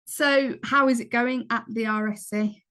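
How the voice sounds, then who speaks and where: A woman's voice: fairly high pitch, steady tone, measured pace, a bit bright. A woman co-hosting a podcast in casual chat, encouraging and chiming in with short replies. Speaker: podcast co-host.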